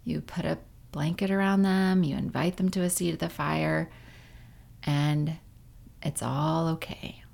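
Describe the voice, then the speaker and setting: A woman leading a guided meditation in a gentle, unhurried way, with casual fillers along the way. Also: low voice, flat delivery, gravelly.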